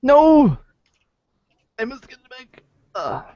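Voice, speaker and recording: A man playing a tabletop game in an animated way. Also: high-pitched, normal speed, dry recording. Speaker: player. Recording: dull, dry lo-fi sound.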